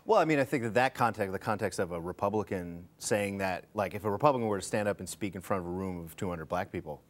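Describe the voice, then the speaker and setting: A man who is a comedy writer and performer, bantering playfully as a panel guest. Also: lowish voice. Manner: playful, quick with jokes.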